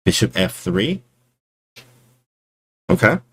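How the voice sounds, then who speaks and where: A man casually breaking down his chess game for his stream chat, slangy and animated, often calling people bro. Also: on the low side, slow pace, husky.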